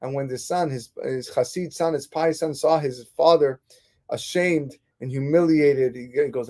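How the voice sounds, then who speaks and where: A man teaching a Torah class as a rabbi, retelling stories in an animated way with frequent restarts. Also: mid-range voice, normal speed.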